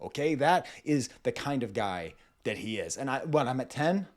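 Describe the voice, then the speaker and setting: A man's voice: mid-range voice, lively intonation, moderate pace. A man in his forties reviewing music in a casual, playful way, mimicking vocal styles and laughing as he goes.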